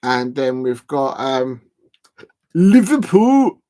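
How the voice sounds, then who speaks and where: A man's voice: a little high, a little slow. A man, chatting casually on a live football watch-along stream, rambling and drawing out words as he types.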